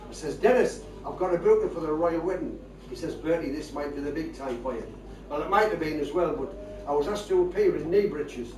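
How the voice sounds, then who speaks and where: An older Geordie man with a fairly high voice spins chatty, rambling tall tales in a broad northern lilt as a stand-up comedian performing live before an audience. The recording is echoey and distant, with the crowd laughing throughout.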